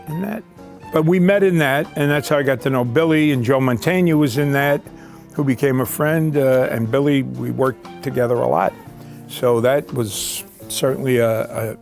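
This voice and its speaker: A man's voice: medium pitch, gravelly, a little mellow. An older man, a veteran actor, reminiscing in a documentary interview, rambling with fillers and restarts. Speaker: actor recalling his career.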